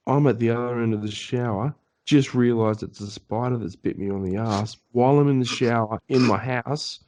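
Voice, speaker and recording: A man's voice: mid-range voice, moderate pace. A man, co-hosting a podcast, telling a story in casual chat and swearing a lot as he acts out the voices of the people in it. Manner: animated, swearing often, acts out voices in his stories. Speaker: podcast co-host.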